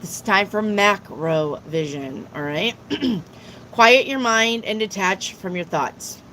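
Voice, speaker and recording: Female live-stream tarot host, unhurried and talkative, reads out chat questions and answers them plainly. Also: on the low side, fairly bright tone, slight background noise, low-quality recording. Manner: chatty, slow and drawling, repeats herself.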